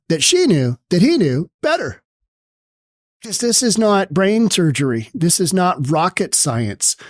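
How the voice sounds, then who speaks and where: A man's voice: a little high, a little mellow, no echo, studio quality. A man hosting an opinionated news commentary show, reading news aloud and riffing on it with sarcasm. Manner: sarcastic, mocks with put-on quoted voices; reads news text aloud, then riffs on it.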